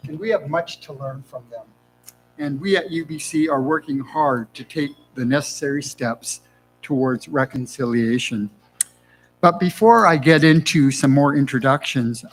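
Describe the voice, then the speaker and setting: On a conference stage, a university dean with a mid-range male voice gives formal welcome remarks, warm and lightly humorous. He talks through a sore mouth following dental surgery, and the recording is low quality.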